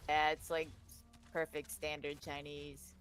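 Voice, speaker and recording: A speaker in a casual gaming chat answers in a relaxed, hesitant way. The voice sits at a middle pitch. Faint music plays behind the talk. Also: unhurried.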